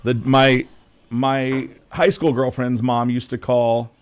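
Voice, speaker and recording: A man's voice: medium pitch, little pitch movement, slow pace, smooth. A man co-hosting a morning radio show. He trades casual banter and throws in joking, exclamatory asides. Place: radio studio.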